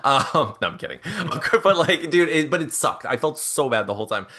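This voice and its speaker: A young man co-hosting a casual chat, telling a long story in an animated, rambling way and acting out the people in it. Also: a little high, normal speed. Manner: animated, rambling, acts out quotes. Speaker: podcast co-host.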